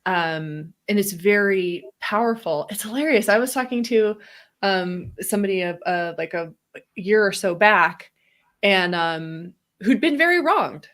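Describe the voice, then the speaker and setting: Animated woman co-hosting a reflective chat. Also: unhurried. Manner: animated, acts out quoted voices with big pitch jumps, laughs often. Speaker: podcast co-host. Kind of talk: casual reflective conversation.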